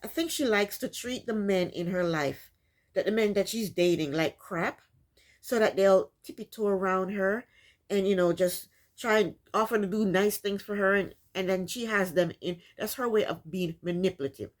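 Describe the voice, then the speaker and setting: A woman talks straight at her viewers, recapping a reality show with exasperation. Her voice sits in an ordinary middle pitch, and she rants loosely, stumbling over restarts as she goes. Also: normal speed. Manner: exasperated, opinionated ranting; loose, full of restarts and fillers. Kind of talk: casual commentary.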